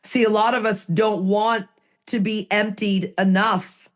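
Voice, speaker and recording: Woman podcast co-host, earnest and emphatic, mid-pitched voice. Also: steady tone, measured pace. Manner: earnest, emphatic, repeats phrases for effect. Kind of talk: casual recovery podcast talk.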